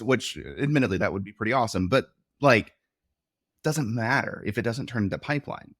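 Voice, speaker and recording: A man's voice: fairly low pitch, animated, a little fast, no room sound, clean studio sound. A man being interviewed as a podcast guest, explaining his views in a confident, direct way. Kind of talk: conversational interview.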